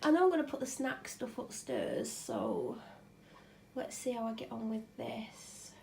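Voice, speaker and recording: A woman with a slightly high voice chats her way through a home vlog, rambling and poking fun at herself. She sounds ill and tired, talking into a clip-on microphone with a faint hiss of room noise behind her. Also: wildly swooping pitch, measured pace, creaky, a little mellow. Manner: chatty, rambling, self-mocking. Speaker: vlogger. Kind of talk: casual chat.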